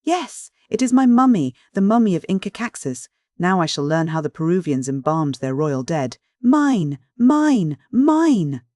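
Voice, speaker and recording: A narrator voicing an excitable elderly male professor, obsessed with his collection, breaking into shrill, indignant outbursts. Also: normal speed, hardly any pauses, no echo, studio quality, close to an everyday voice. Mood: gloating.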